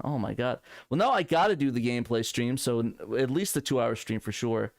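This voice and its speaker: A man co-hosting a casual live stream, easily excited and bursting into laughing exclamations. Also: mid-range voice, brisk, few pauses, no room sound, clean studio sound. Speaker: podcast co-host.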